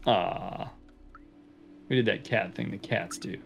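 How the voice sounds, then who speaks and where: A man's voice: on the low side, slow pace, vocal fry, muffled recording, over music. A man casually commenting while playing a video game, joking and talking back to the characters. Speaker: game streamer. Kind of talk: let's play commentary.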